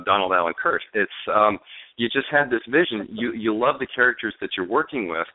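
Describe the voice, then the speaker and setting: A male novelist and screenwriter telling his story in a phone interview, animated but halting, with fillers and restarts. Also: on the low side, dry recording. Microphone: telephone. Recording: dry tinny phone line.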